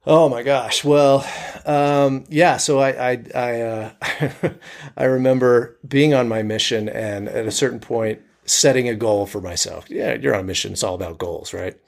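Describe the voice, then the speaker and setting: A man's voice: medium pitch, fairly even intonation, measured pace, vocal fry. A man from Utah, a comedian and actor, chatting as an interview guest with frequent hesitant restarts. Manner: hesitant, many restarts and fillers. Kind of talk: casual interview chat.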